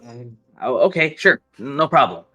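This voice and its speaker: A man's voice: medium pitch, animated, unhurried, a bit bright, faint music behind. A man voicing a small, nervous male kobold guard who stammers politely. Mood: flustered.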